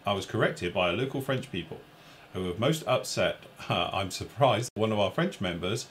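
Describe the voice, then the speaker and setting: A man's voice: on the low side, lively intonation, normal speed, a bit bright, a little hiss or hum. An English man co-hosting a live chat show, rambling and poking fun at himself. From England. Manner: rambling, self-mocking, reads viewer comments aloud. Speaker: show co-host.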